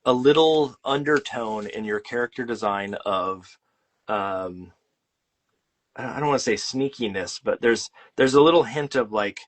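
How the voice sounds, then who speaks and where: A man with a medium-pitched voice talks at a measured pace, hosting a casual interview over a video call. A podcast host and illustrator, he rambles with lots of fillers and teases his guest.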